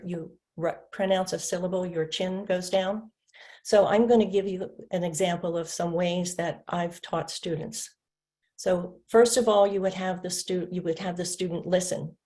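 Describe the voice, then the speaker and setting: Woman teaching reading over a webinar, kinda low mellow voice, slow patient demos. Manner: patient, demonstrates words slowly with clapping. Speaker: literacy instructor.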